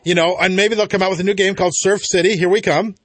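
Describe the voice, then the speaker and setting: A man's voice: high voice, fairly even intonation, quick pace, no echo. Conversational male radio host, dry studio sound. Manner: conversational, agreeable, chuckling at own jokes. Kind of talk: political talk radio chat.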